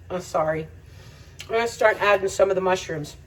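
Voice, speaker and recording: A woman's voice: medium pitch, a little fast, recorded from a distance, low-quality recording. A woman making a home cooking video, chatting to viewers as she cooks and laughing often. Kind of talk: casual cooking demonstration. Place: home kitchen.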